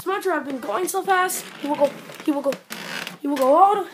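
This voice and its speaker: A woman narrating an improvised toy train story in a halting, play-along way. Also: high-pitched, background noise.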